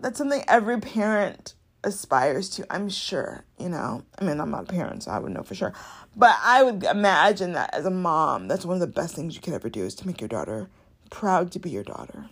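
This young woman hosts a solo podcast from a home mic, speaking briskly with a breathy edge. She's animated and conversational, full of fillers and self-corrections, and acts out her reactions with big pitch jumps.

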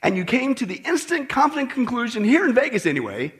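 Pastor guy preaching, pretty high voice, swings all over the place, keeps going "okay? right?". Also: quick pace. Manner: animated preaching, acts out quoted voices, frequent "okay" and "right". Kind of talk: sermon. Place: church in Las Vegas.

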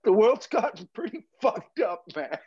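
Male podcast guest, crude and jokey, slightly high pitch, dry lo-fi audio. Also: big pitch swings, moderate pace, a little mellow, slightly rough, no room sound. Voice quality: crude, laughs often, says "man" a lot. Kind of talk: casual podcast chat. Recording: dry, muffled lo-fi recording.

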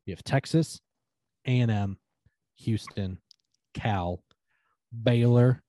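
A man's voice: mid-range voice, slow, dark tone, no echo, studio quality. A man co-hosting a casual sports podcast, laid-back, reading out team lists that trail off at the ends. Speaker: podcast co-host.

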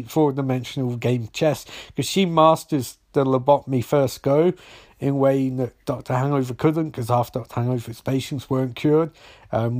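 A young man talks through a TV episode in a loose, unscripted ramble. He swears freely and wanders into jokey asides, and his voice sits at an ordinary middle pitch. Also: a little mellow. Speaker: TV episode recapper. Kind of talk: casual episode recap.

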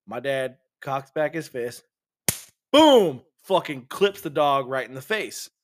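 At a measured pace and medium pitch, a man co-hosting a podcast tells a rowdy story in casual conversation, cursing freely and performing the voices of its characters with animation. A little hiss or hum runs under the audio.

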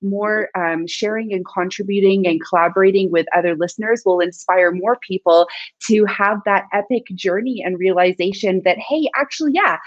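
A woman co-hosting a podcast, talking with warm enthusiasm about leadership in a casual chat. Her voice sounds dry and a little dull, with no room around it. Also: medium pitch, fairly even intonation, normal speed, dry recording. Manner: effusive, enthusiastic. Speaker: podcast co-host.

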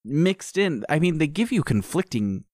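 A man co-hosting a casual game review chat, animated and mocking the game's dialogue. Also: on the high side, normal speed, dry recording, clean studio sound. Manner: animated, mocks dialogue in put-on voices. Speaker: game podcast co-host.

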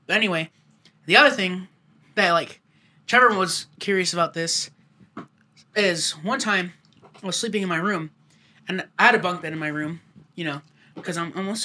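A young man casually telling a rambling, profane childhood story to friends. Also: high voice. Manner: rambling, profane, animated retelling.

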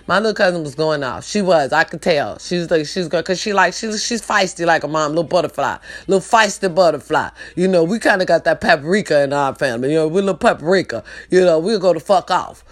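Animated, swearing woman telling a story. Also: brisk. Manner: animated, swearing, big pitch swings, repeats phrases. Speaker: vlogger. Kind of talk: casual storytelling to viewers.

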